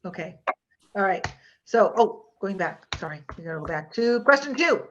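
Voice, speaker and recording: A woman's voice: mid-range voice, lively intonation, normal speed, highs cut off, noisy background. A woman hypnotherapist teaching an online workshop in a chatty, rambling way, often restarting her sentences.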